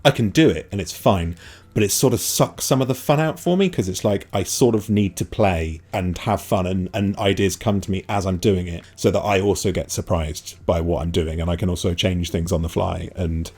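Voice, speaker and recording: A man's voice: low-pitched, moderate pace, a little mellow, breathy edge. A man in his thirties, a guest animator, chatting in a rambling, self-deprecating way full of fillers. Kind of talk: casual podcast chat.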